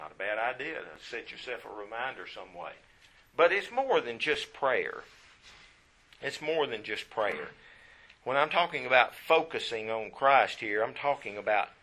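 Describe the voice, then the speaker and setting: A man's voice: medium pitch, pushed and bright, slightly rough. A man preaching a sermon in a folksy way, often repeating phrases for emphasis.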